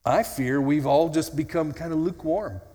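Man preaching, slightly high voice, earnest and conversational, wry humor, long hall reverb. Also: normal speed, mellow. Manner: earnest and conversational, with dry self-mocking humor. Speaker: pastor. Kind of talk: sermon.

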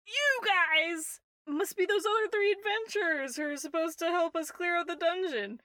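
A woman putting on a squeaky drunk bard guy. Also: moderate pace, pushed and bright, dry recording, studio quality. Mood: tipsy boasting. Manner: tipsy, stammering, boastful. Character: lanky drunk male human bard, bumbling and cheerful.

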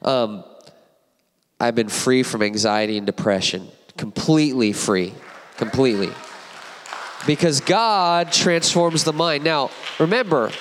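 A man in his forties delivers a passionate sermon from a church platform, swinging between tender moments and animated emphasis. His voice sits at an ordinary middle pitch and rings out with the long reverb of the sanctuary. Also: a little slow, a little hiss or hum. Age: 40s. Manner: emotional, animated preaching with asides to the congregation. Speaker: guest preacher.

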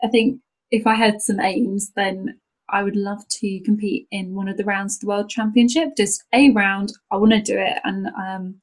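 On a rough recording, a young North Wales woman who drives rallies co-hosts a podcast in a casual conversational interview. Her mid-range voice has a flat delivery at normal speed, yet she's chatty and enthusiastic, laughing often amid many restarts and fillers.

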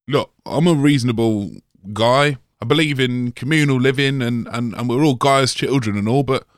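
A man's voice: medium pitch, normal speed, no room sound, clean studio sound, natural voice. A man voicing a laid-back, scruffy hippie who lives in a wasteland, in a comedy audio sketch, drawling and hesitant.

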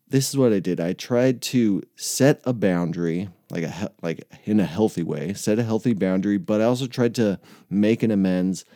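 A man's voice: lowish voice, warm tone, no echo, clean studio sound. A young man in recovery ranting casually, swearing a lot and laughing often as he rambles. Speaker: person in addiction recovery.

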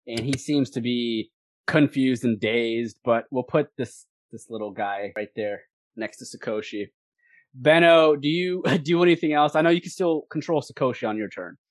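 Game master, tabletop narration, lively voice, dry close sound. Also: medium pitch, no room sound. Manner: lively, laughing narration with quick asides.

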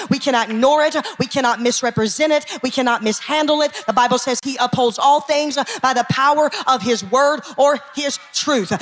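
A woman's voice: high-pitched, a bit bright. A woman pastor, preaching an emphatic sermon and calling out to her congregation. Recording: long hall reverb.

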